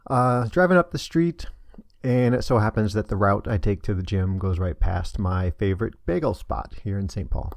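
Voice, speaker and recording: A man's voice: fairly low pitch, normal speed, gravelly, no room sound, clean studio sound. A middle-aged man casually telling a personal story on his vlog, hesitant and full of fillers. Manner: rambling, hesitant, many fillers. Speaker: vlogger.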